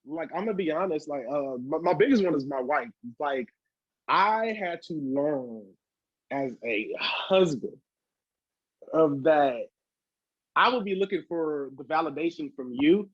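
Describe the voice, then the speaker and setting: A man who is a hip hop artist, talking as a podcast guest in a loose, animated way, swearing freely and acting out quoted voices. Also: fairly high pitch, measured pace, slightly rough, no echo, muffled recording. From Southern California. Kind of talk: casual podcast interview.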